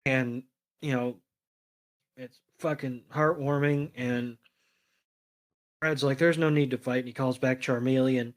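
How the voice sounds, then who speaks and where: A man's voice: medium pitch, fairly even intonation, measured pace, pauses often. A man co-hosting a podcast, loosely retelling an episode with fillers and casual swearing. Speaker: podcast co-host.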